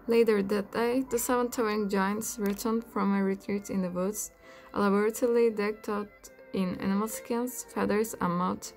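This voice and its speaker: A woman reads a comic bedtime storybook aloud with a dry, deadpan wryness. Her mid-pitched voice has a gravelly, creaky edge, and faint music plays underneath. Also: moderate pace. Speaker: audiobook narrator.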